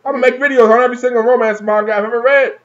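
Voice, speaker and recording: High-voiced man mocking, profane. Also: steady tone, very fast, dull audio. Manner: profane, mocking, laughs often. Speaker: manga reviewer. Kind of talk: casual comic review.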